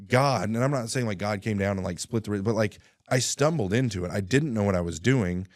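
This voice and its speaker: A man telling his life story in a casual interview, animated, acting out dialogue and often clearing his throat. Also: lowish voice, dry recording, clean studio sound. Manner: animated, acts out dialogue with quick voice shifts; frequent throat clearing and restarts.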